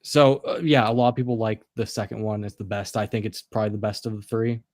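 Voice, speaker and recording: A man's voice: on the low side, fairly even intonation, fast talker, darkish tone, dry recording, studio quality. A man co-hosting a stream, talking casually and rambling with laughs. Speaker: stream co-host. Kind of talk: casual chat.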